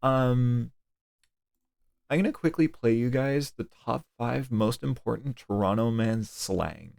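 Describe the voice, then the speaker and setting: A man's voice: mid-range voice, slow pace, creaky, darkish tone, dry recording, clean studio sound. A young man streaming live, chatting casually, rambling and swearing freely.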